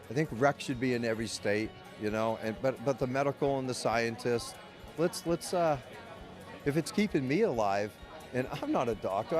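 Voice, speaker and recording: A man candidly telling his own story in an interview, blunt and profane, rambling with restarts. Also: medium pitch. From United States. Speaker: medical cannabis caregiver and patient.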